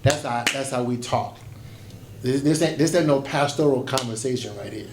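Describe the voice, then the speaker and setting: A man's voice: mid-range voice, normal speed. A pastor in his fifties giving a folksy conference workshop talk, telling stories and acting out quoted voices. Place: conference breakout room. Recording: echoey room with faint background noise.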